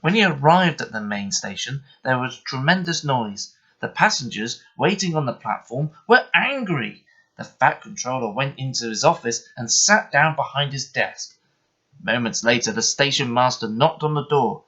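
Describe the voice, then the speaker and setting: A man reading a bedtime story aloud in an expressive, measured way. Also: medium pitch, slightly rough. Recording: muffled lo-fi recording.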